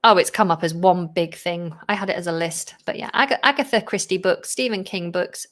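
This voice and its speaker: A woman, an English teacher, hosting a live question-and-answer stream, reading viewer questions and answering them with fillers and quick asides. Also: lowish voice, a bit bright. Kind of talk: live-stream Q&A, chatty and unscripted.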